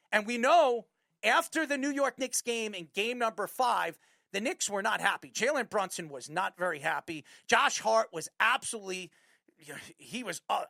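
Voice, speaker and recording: Gravelly-voiced man in a fired-up sports rant. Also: very high-pitched, sharp tone, dry recording, clean studio sound. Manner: fired-up, repetitive, emphatic. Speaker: sports talk host. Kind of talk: heated sports commentary rant.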